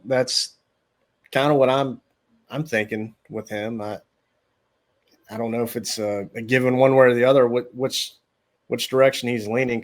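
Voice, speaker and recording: Hesitant male recruiting analyst. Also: medium pitch. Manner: hesitant, many ums and repeated words. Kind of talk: casual sports radio interview.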